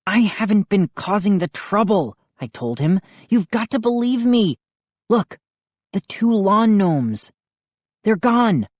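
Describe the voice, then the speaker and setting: A woman's voice: mid-range voice, sing-song, slow, darkish tone, dry recording, voice pushed up. A woman voicing a frightened young boy who insists and pleads to be believed. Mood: insistent.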